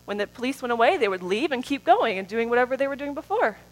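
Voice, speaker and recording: A woman preaching a sermon in a church, moving between soft, drawn-out phrases and loud, rising calls. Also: fairly high pitch, sing-song, poor audio.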